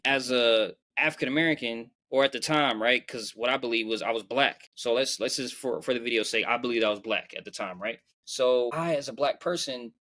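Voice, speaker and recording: A man's voice: medium pitch, bright, forceful tone. A young man hosting a podcast, telling personal stories in a rambling, slangy way and often repeating his phrases. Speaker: podcast host. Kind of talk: casual storytelling monologue.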